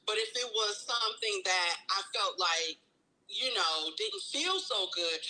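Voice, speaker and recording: Bright chatty woman sharing. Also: mid-range voice, unhurried, low-quality recording. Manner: relaxed, chatty, lots of "like". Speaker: group participant. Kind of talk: casual sharing.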